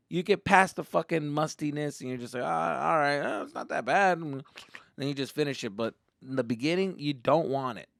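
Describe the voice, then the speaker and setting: A man hosting a podcast, telling a comic family story in a profane, rambling, animated way. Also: medium pitch, no room sound, clean studio sound. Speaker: comedian podcast host. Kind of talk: comedic storytelling.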